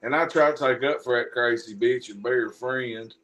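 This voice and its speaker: A man's voice: mid-range voice, moderate pace, a bit bright. A man hosting casual chat, telling crude, profane jokes. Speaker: show host.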